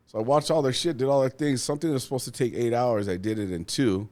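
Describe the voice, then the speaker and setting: A man, a union steward guest, telling work stories in a casual, profane and animated way, acting out what people said. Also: medium pitch, fast talker, hardly any pauses. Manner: profane, animated, acts out quotes. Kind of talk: casual storytelling.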